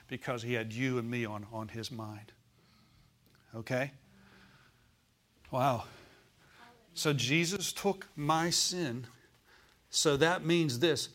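A man's voice: medium pitch, a bit bright. A male pastor preaching a sermon in a folksy way, asking the congregation for amens and call-and-response.

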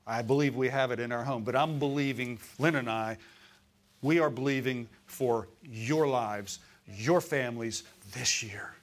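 A man preaches at a middle pitch, easy and conversational. He keeps checking in with his listeners, asking questions as he goes. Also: a little slow. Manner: acts out voices in quotes. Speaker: pastor. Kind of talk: sermon.

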